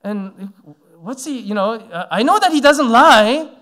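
Guy in his 40s preaching, high voice, rambly with lots of "like" and "you know". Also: lively intonation, slow, a bit bright. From Canada. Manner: rambling storytelling, many fillers. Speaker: pastor. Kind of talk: sermon. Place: church sanctuary.

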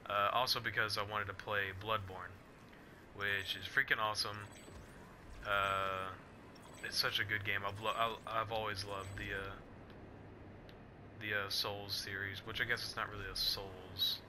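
A man's voice: lowish voice, flat delivery, a little slow, noisy background. A young man telling a rambling story in casual chat while playing a game, with frequent restarts and fillers, breaking off now and then to react to the action. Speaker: gamer vlogger. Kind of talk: casual chat over gameplay.

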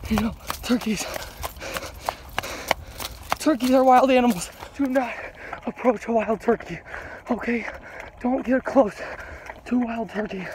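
A woman hosting an outdoor vlog, narrating a mock-dramatic adventure in a deadpan, jokey way, out of breath and warning viewers with fake seriousness. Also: a little high, a little slow, long pauses, a little hiss or hum. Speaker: vlog host. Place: outdoors in a swampy field.

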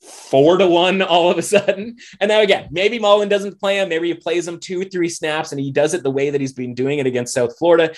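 A man analyzing football bets in a casual, animated podcast chat, peppering his talk with "like" and "right?". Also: a little high, brisk, hardly any pauses. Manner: animated, conversational, lots of "like" and "right?". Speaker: betting analyst.

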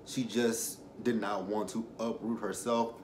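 A man's voice: on the low side, steady tone, measured pace, darkish tone, slight background noise. Man reviewing a reality show. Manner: rambling, self-correcting, emotional. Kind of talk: casual commentary with personal stories.

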